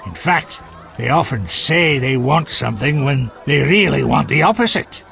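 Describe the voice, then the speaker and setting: Zoltan, a gravelly dwarf. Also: male voice, mid-range voice, animated, moderate pace, fairly bright tone. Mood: knowing. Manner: blunt and coarse. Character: gruff blunt male dwarf drinking companion. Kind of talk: video game voice acting.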